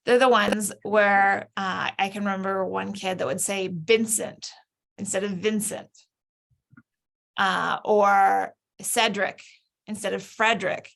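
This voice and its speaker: Woman with a heavily gravelly voice. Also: medium pitch, flat delivery, normal speed, hardly any pauses, a bit bright. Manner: explanatory, thoughtful with restarts. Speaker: literacy educator. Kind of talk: interview conversation.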